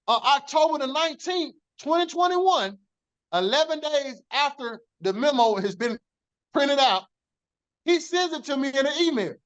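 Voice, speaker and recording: A man's voice: very high-pitched, a bit bright, muffled recording. Man telling his story, profane and emphatic. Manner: profane, emphatic, acts out quoted dialogue. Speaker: former corrections officer telling his story. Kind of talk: animated storytelling in an interview.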